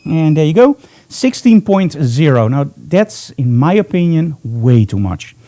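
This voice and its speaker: A man's voice: fairly high pitch, sing-song, measured pace, warm tone. A man teaching photography live in a studio, talking chattily and upbeat as he thinks aloud while he works. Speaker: photography instructor.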